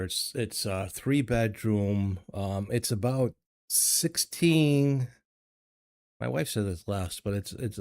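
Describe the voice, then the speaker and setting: Hosting a casual livestream from his home studio, an older American man with a low, somewhat dark voice reads out the chat. He hesitates, repeats words, and laughs softly often, speaking into a desk microphone with studio-quality, echo-free sound.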